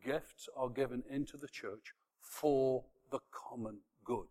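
A man preaching a sermon to a congregation, swinging from quiet, close talk to loud shouted emphasis. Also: mid-range voice, unhurried, big-room sound.

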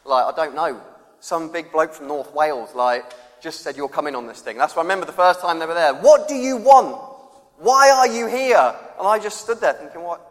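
Chatty preacher in a reverberant hall. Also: male voice, fairly high pitch, quick pace, fairly bright tone. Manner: conversational, acts out quoted voices, laughs often. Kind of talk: sermon. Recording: long reverb of a church hall.

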